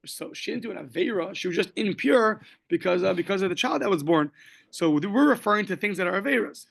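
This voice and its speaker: High gravelly guy teaching talmud class, casual, tosses in jokes, quotes aramaic bits. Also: animated, quick pace, fairly bright tone. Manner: explains step by step, quoting Aramaic and Hebrew phrases; casual, joking asides.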